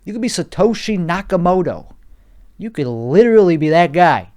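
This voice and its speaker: A man's voice: sits high, very animated, moderate pace, a little mellow. Profane rambling man with a Chicago accent. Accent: put-on Chicago accent. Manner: rambling, profane, mock-bravado. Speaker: podcast host. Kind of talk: solo comedy podcast rant.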